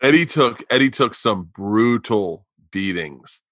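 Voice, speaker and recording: A man hosting a casual podcast, talking in animated, profane bursts. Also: fairly low pitch, slow, dry recording. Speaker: podcast host.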